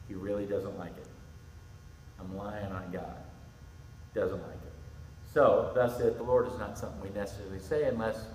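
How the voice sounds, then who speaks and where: Middle-aged man, youth pastor, animated storytelling sermon, low voice, echoey church hall. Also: recorded from a distance, a little hiss or hum. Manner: animated storytelling, acts out quotes. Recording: echoey hall with faint ambience.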